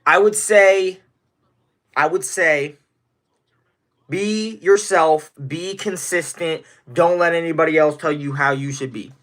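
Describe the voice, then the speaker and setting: Taking things slowly, this Indiana teen speaks with a fairly high, fairly bright voice. The nineteen-year-old rambles on a casual livestream and greets chat viewers by name.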